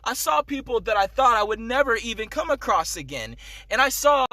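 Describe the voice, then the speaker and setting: A man with a high, bright voice recounts a personal testimony straight to camera. He speaks intensely and emphatically, pressing his points and checking in with the listener, in a dry, close recording. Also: very animated, fairly quick, no room sound. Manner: intense, emphatic, repeats "okay?" to the viewer. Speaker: vlogger.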